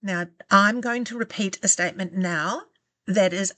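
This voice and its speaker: A woman coaching self-love, giving calm, gentle and encouraging step-by-step guidance that slows down for the exercises. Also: mid-range voice, no room sound. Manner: calm, gentle and encouraging, slowing down for guided steps. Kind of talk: guided self-help instruction.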